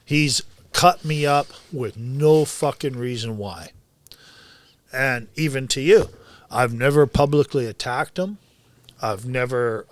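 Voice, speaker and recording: A man's voice: mid-range voice, dry recording. A man who coaches boxing, talking bluntly and with lots of swearing in a casual podcast chat, often heated.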